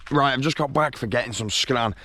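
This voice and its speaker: A young man, chatting excitedly to camera on a travel vlog, slangy and laughing often. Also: medium pitch, a little fast. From England. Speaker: travel vlogger. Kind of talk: casual vlog chat to camera. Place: glamping site outdoors.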